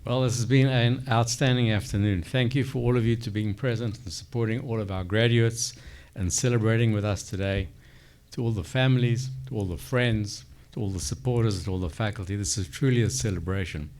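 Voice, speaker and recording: A man closing a commencement ceremony with formal, courteous remarks, delivered deliberately. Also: on the low side, steady tone, darkish tone. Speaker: ceremony official closing the event.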